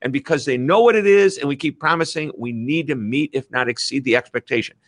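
A middle-aged man with a Midwestern American accent, an author speaking as an interview guest over a video call, talking with lively enthusiasm. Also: medium pitch, fairly quick, dry recording, studio quality. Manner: enthusiastic, animated. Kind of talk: energetic interview talk.

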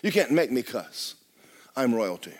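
A man preaching a sermon as pastor, swinging from loud exclamations to hushed, near-whispered lines. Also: mid-range voice, very animated, unhurried.

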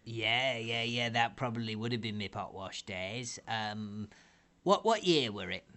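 A man's voice: medium pitch, a little slow, a bit bright. A man co-hosting an improvised comedy show in a dry, matter-of-fact way. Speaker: comedy podcast co-host.

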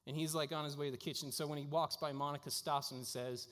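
A man's voice: on the high side, steady tone, quick pace, a bit bright. A man preaching a sermon as a pastor, telling stories in a casual way with lots of fillers. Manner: casual storytelling with frequent fillers. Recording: long hall reverb.

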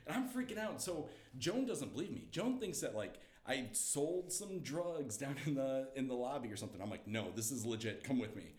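A young man telling a story as a guest, lively and laughing, acting out the quotes. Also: medium pitch, moderate pace, few pauses, echoey room. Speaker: comedian guest. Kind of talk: animated storytelling.

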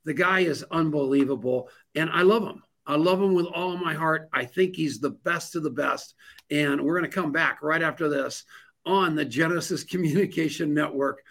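Gravelly, excitable male radio host. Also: a little high, normal speed. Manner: gushing, joking, excitable. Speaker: radio talk show host. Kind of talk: effusive radio show hosting.

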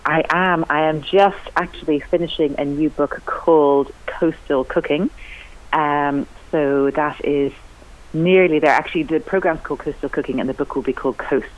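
A woman's voice: low voice, moderate pace. An enthusiastic woman talks about cooking as a guest on a radio show. Her voice jumps up for emphasis as she chats. The sound is dull and lo-fi, like an old broadcast. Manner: chatty, enthusiastic, lively rising emphasis. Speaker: cookery writer and TV cook, guest. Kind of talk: radio interview chat.

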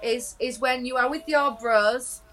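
A woman's voice: on the high side, unhurried, a bit bright. A woman co-hosting a podcast in casual chat, giggly and often restarting her sentences. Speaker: podcast co-host.

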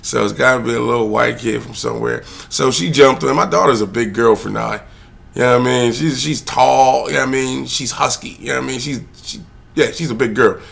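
A man's voice: mid-range voice, brisk, gravelly. A man telling a rambling, profane story straight to the camera, drifting into a heated rant. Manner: swears freely, digresses, rants loudly at times. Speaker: father talking to camera.

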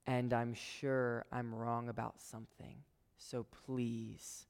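A man preaching a sermon to a congregation he calls "guys", swinging between emphatic, loud lines and hushed whispers. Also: medium pitch, little pitch movement, takes it slowly. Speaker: pastor. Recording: long hall reverb.

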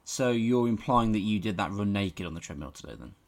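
A man's voice: fairly low pitch, animated, brisk. A man co-hosting a football podcast as its reporter, bantering in a dry, teasing way and laughing often. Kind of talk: casual football podcast chat.

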